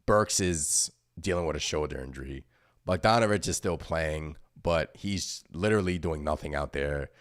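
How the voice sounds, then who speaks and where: A young man with a deep voice, recorded dry and close, hosts a casual postgame show. He vents with frustration, hammers the same points again and again, and reads viewer chat aloud between his rants. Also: normal speed, no echo. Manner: frustrated, repetitive, emphatic. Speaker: host of a fan postgame show.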